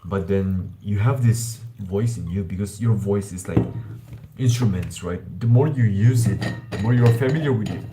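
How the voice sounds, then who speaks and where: A man's voice: lowish voice, normal speed, very noisy. A man streaming live about self-improvement, talking in a loose, rambling way, calling listeners bro and swearing now and then. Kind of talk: casual live-stream talk.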